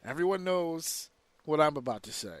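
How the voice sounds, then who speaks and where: Male podcast co-host, higher-pitched, animated and foul-mouthed, dry close sound. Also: normal speed, no room sound. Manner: animated, profane, rants excitedly. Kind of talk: casual wrestling podcast chat.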